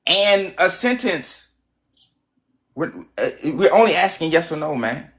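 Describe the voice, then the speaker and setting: A man's voice: fairly high pitch, animated, a little slow, a bit bright. A man hosting a casual livestream chat with callers. He is insistent, repeats himself and keeps cutting in. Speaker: livestream host.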